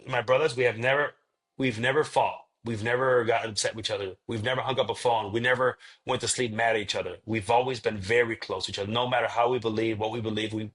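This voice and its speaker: A man's voice: medium pitch, a bit bright. A man, a pastor who is a podcast guest, telling a story in casual conversation and acting out the quoted dialogue.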